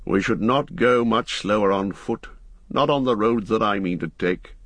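A man voicing a grave, watchful ranger in an audiobook, speaking in a low, measured, steady way. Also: no echo. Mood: thoughtful. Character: grave, watchful male ranger, calm and commanding. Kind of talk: audiobook character voice.

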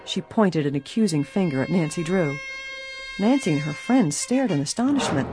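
A woman narrating an audiobook in a steady, even storytelling manner. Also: lowish voice, moderate pace, over music. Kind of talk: scripted narration.

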